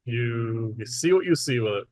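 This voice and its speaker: A man serving as game master in a tabletop game, describing scenes in a relaxed, matter-of-fact way. His voice sits at a middle pitch. The room sound is dry, with no echo. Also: moderate pace. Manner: relaxed, matter-of-fact narration with small asides.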